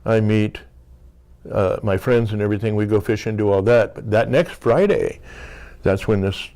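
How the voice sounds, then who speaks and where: A man's voice: on the low side, normal speed, darkish tone. A man in his sixties, an interview guest, telling a long anecdote in a loose, rambling way, peppered with "you know" and acted-out bits of dialogue. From United States. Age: 60s. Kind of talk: casual storytelling interview.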